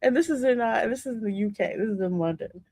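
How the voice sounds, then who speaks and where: A woman with a Southern US accent hosting a casual reaction show, sassy and quick to laugh. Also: on the high side, slight background noise. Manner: sassy, animated, laughing often. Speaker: host reacting to videos.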